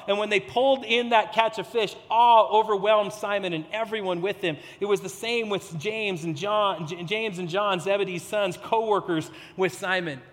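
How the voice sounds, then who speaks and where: A man's voice: high voice, steady tone, normal speed, few pauses, long reverb tail. A man preaching a sermon in a conversational, storytelling way, acting out quotes as he goes.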